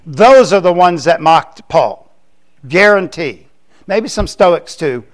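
A man's voice: on the high side, expressive, slow pace. An older man from Florida, preaching a sermon in a conversational way, with joking asides. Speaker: pastor.

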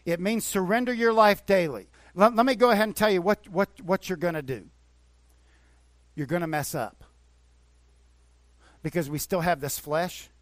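A pastor preaching to his congregation in an earnest, conversational way, often repeating phrases to drive a point home. His voice sits a little high for a man. The sound is dry and close, with little room echo. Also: moderate pace, pauses often. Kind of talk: sermon. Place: church.

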